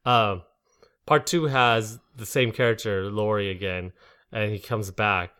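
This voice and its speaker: A man with a lowish voice talks casually about a film as a podcast host. He rambles, trips over his words and fills the gaps with "uh" and "like". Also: steady tone, measured pace, sharp tone, clean tone. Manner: rambling, many fillers and restarts. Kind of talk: casual movie discussion.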